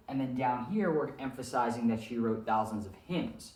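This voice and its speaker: A man's voice: mid-range voice, brisk, few pauses, a little mellow. Echoey teacher explaining grammar, man. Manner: explains step by step, often checks in with "all right?". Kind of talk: recorded language arts lesson. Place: room with a whiteboard. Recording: echoey room.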